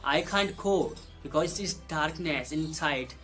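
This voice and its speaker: Speaking unhurriedly in a fairly high, fairly bright voice, a native Hindi speaker runs through English vocabulary, giving each word twice in basic, broken English. Soft background music accompanies him.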